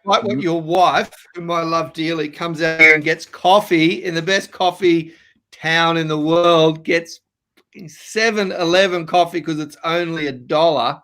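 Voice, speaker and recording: Deadpan Australian comedian. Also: male voice, a little high, unhurried. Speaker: stand-up comedian guest. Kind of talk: jokey panel banter.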